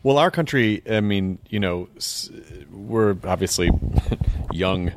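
A man's voice: fairly low pitch, expressive, slow, noisy background. An American man hosting a casual interview, hesitant and jokey. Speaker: host.

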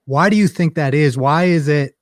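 A man's voice: fairly high pitch, normal speed, dry recording, clean studio sound. A man co-hosting a podcast, asking a probing interview question. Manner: probing, questions ending in "right?". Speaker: podcast co-host.

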